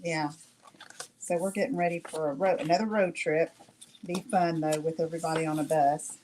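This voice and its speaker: A woman's voice: low-pitched, fairly even intonation, normal speed, dark tone, slight background noise. A middle-aged woman hosting a live craft demonstration, chatting with viewers and checking in with "okay?" after each step. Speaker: craft tutorial host.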